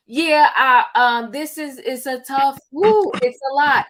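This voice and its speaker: A woman hosting a casual online chat show, relaxed and chatty as she moves the panel along. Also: a little high, slow pace. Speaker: host.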